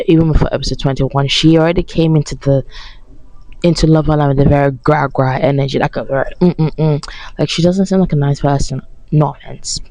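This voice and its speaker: Her deep, darkish voice comes through poor audio without echo as this tired woman tears into a reality dating show on camera. She is blunt, sarcastic, mocking and swears constantly.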